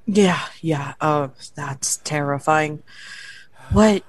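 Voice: medium pitch, drawn-out words. A player in a tabletop game, speaking casually for their character. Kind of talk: tabletop role-play.

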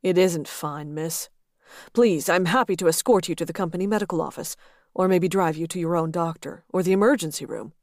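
A woman reader voicing a confident, flirtatious male executive with a calm, amused drawl. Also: lowish voice, fairly quick, no echo, studio quality, close to an everyday voice. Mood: concerned.

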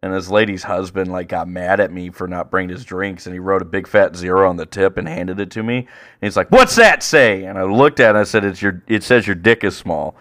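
A man co-hosting a podcast, telling stories in crude, animated casual chat and jumping into high-pitched impressions. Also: fast talker. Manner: profane, animated storyteller doing high impressions. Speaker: podcast co-host.

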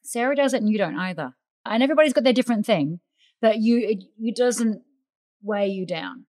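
A woman interviewing a guest in a casual chat, asking quick, playful, teasing questions. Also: medium pitch, expressive, a little mellow.

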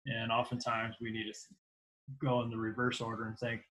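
A man hosts a podcast for coaches and speaks in an earnest, even tone. His pitch stays mostly level and there is little rise and fall in his delivery. He sounds sincere as he praises his guest and closes the episode. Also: fairly quick, low-quality recording. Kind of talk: podcast interview and sign-off.

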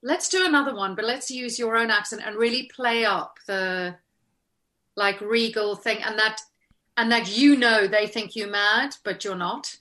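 A middle-aged actress telling stories in a casual interview, animated and laughing often, acting out the lines she remembers. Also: on the high side, measured pace.

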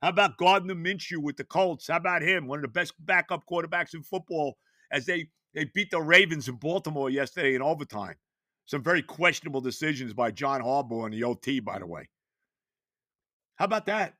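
A man, ranting on his sports podcast, exasperated and stammering, often shouting. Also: on the high side, animated, a little fast, no room sound. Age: 70s. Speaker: podcast host.

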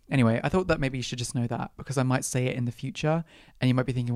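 A woman's voice: rumbling low, racing, darkish tone, no room sound, clean studio sound. Sweary, dramatic young woman. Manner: dramatic, sweary, exaggerated outrage. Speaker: podcast host. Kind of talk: solo comedic rant.

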